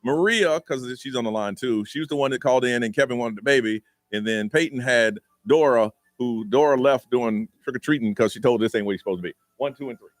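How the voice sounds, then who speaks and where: A man hosting a morning radio show, playful and loud, joking with co-hosts and taking callers. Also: mid-range voice, a little fast, few pauses. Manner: loud, playful, hypes winners. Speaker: radio host. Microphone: studio microphone.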